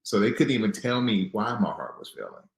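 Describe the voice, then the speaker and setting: A man's voice: lowish voice, huge pitch swings, fairly quick, gravelly, roomy sound, rough recording. A man in his thirties from Newark, telling his own story as an interview guest, earnest and at times defiant. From Newark, New Jersey. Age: 30s.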